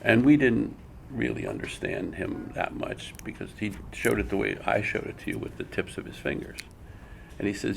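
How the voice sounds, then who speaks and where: A man's voice: fairly low pitch, very animated, moderate pace, gravelly, background noise. An older man giving a live art workshop, an emphatic storyteller who repeats words as he talks. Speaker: comic art teacher. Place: school room with audience.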